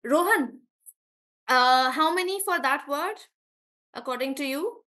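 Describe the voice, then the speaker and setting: A woman teaching a live online English class, warmly praising students and slowly drawing out words as she models how they sound. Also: high voice, animated. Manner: encouraging, drawn-out words when modelling pronunciation.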